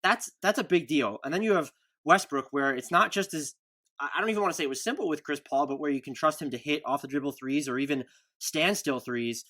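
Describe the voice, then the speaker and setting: A man hosting a sports podcast, talking energetically with playful hype and rapid reads of show notes. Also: fairly high pitch, bright, forceful tone. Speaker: podcast host. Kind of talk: casual sports podcast talk.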